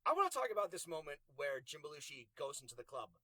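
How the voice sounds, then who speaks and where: A man co-hosting a loose movie podcast, profane and quick to act out lines. His voice sits high and swings widely in pitch. The sound is bright and dry, close to the mic. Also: no room sound. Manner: animated, profane, acts out quotes in silly voices. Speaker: podcast co-host. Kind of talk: casual movie-review chat.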